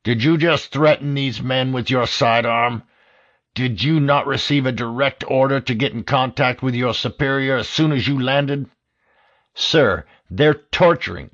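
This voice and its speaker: A man voicing a loud, domineering older FBI director with a raspy, wheezing smoker's voice who barks orders and swears. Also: medium pitch, voice pushed up, natural voice. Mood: shouting, furious. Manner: barking, profane, domineering. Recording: dull lo-fi audio.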